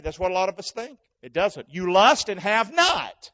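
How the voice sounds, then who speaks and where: A high-voiced male pastor preaches to his congregation. He calls for answers, booms out lines and then drops to a near whisper. The church recording sounds dull and muffled. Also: sing-song, normal speed. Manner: call-and-response preaching, swings from shouting to hushed. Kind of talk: sermon.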